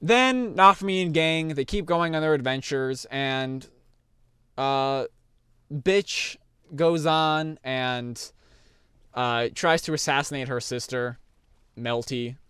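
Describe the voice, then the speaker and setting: A man's voice: medium pitch, slow, sharp tone, clean tone, dry recording, clean studio sound. A young man casually rambling through an anime review, full of fillers and restarts.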